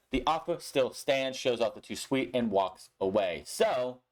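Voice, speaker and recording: A man's voice: medium pitch, sing-song, normal speed, few pauses. A young man recapping a wrestling show in a casual, blunt way, swearing often and sounding frustrated with the booking.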